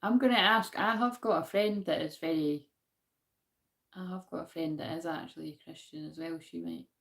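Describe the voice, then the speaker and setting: A woman's voice: low-pitched, normal speed, a bit bright. A woman with a Glaswegian accent hosting a spiritual card-reading live stream in a chatty, self-deprecating way, laughing often and talking back to her viewers. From Scotland. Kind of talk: casual live-stream chat with verse reading.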